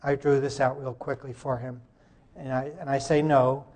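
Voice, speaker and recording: Male presenter, medium pitch, stop-start delivery at a conference. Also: flat delivery, a little mellow. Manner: halting, breaks off mid-sentence to fix tech. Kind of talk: live presentation.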